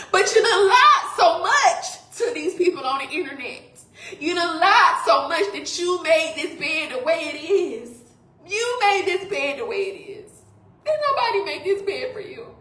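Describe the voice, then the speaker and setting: A woman's voice: extremely high pitch, bright, forceful tone, echoey room. A woman in tears, swearing and speaking straight to her viewers in an emotional confessional rant. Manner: tearful, swearing, addresses audience directly. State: crying. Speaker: vlogger.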